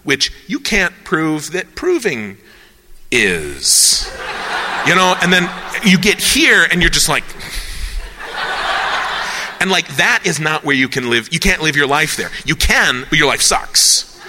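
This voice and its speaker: Guy rambling about big ideas, super bright voice, long echo like a big hall. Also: fairly high pitch, a little slow, a little hiss or hum. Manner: rambling, animated, acts out quoted voices. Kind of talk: casual philosophical chat.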